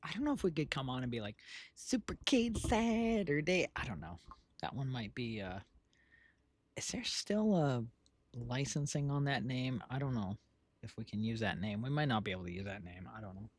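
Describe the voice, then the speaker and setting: A woman's voice: very deep voice, animated, fast, no room sound. A woman co-hosting a stream in casual chat, rambling and laughing often. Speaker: streamer co-host.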